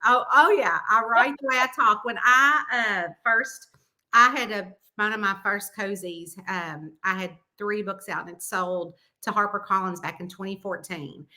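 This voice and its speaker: A middle-aged woman with a Southern American accent, chatting lively as a guest author and laughing often. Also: mid-range voice, normal speed. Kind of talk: casual chat.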